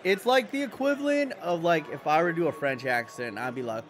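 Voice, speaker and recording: A man's voice: fairly high pitch, animated, brisk, slight background noise. A young adult man with an American accent, hosting a casual livestream and chatting with viewers as he answers their comments. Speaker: livestream host.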